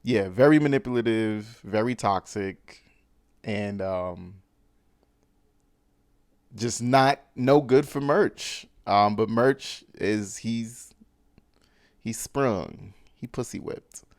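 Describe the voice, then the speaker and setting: A man's voice: on the low side, slow, pauses often, darkish tone, no echo, clean studio sound. A man hosting a podcast, recapping a film in a loose, slangy way with lots of fillers and restarts. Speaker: podcast host. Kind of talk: casual movie recap.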